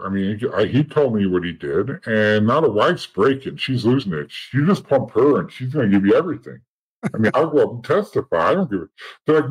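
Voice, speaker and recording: The former cop turned informant, here as an interview guest, has a lowish voice with a breathy edge, captured on a rough recording. Bluntly and with plenty of swearing, he recounts events while performing the words of other people.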